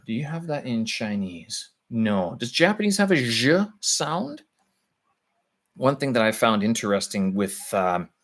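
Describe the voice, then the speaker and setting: A man on a live stream, thinking aloud with halting speech as he explains language points to his viewers. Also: lowish voice, fairly bright tone. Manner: halting, searching for words with many pauses.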